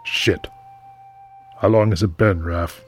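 A man's voice: deep voice, steady tone, slow, faint music behind. A man playing a brash, streetwise male enforcer who talks bluntly and swears, in an audio drama. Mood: weary. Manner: blunt, profane.

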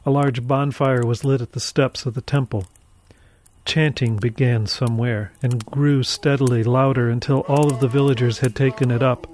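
Man narrating a dark horror tale. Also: medium pitch. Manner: measured, dramatic storytelling. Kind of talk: first-person horror story narration.

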